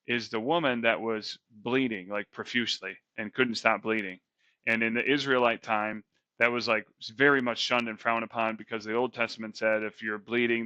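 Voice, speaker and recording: A man's voice: fairly low pitch, pushed and bright, no room sound, low-quality recording. A man co-hosting a podcast, casually retelling Bible stories in a slangy, chatty way with lots of fillers. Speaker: podcast co-host.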